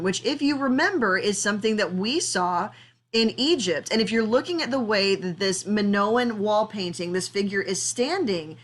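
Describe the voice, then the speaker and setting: A woman giving a recorded art history lecture, explaining in a conversational way with frequent fillers and asides. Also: medium pitch.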